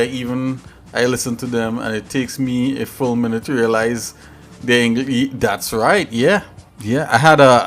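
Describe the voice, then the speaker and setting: An American man hosting a live stream, chatting with viewers in a rambling, filler-heavy way. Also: medium pitch. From United States. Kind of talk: casual chat with stream viewers.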